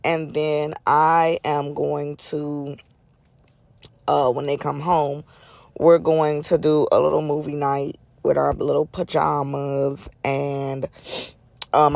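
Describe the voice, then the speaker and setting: A woman's voice: sits low, gravelly, a little mellow, no echo. A middle-aged woman hosting a solo podcast in casual, chatty talk, her nose a little stuffy, with folksy asides. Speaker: podcast host.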